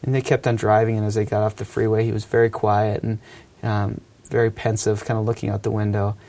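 A man in his thirties, a youth ministry speaker, tells stories in an earnest, reflective talk with frequent hesitations and fillers. His voice is fairly low, level and dark, and he speaks fairly quickly.

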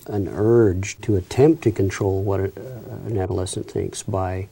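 A man with a low, very dark and mellow voice poses a thoughtful question to his guest. He searches for his words as he goes, pausing before he finishes his point. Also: fairly even intonation, gravelly, slightly rough.

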